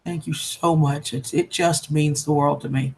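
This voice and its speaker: A woman's voice: low voice, steady tone, moderate pace, vocal fry, a little mellow. A woman chatting on a live stream, greeting viewers as darling and sweetheart in a chatty, heartfelt way. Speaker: livestreamer. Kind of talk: casual live-stream chat.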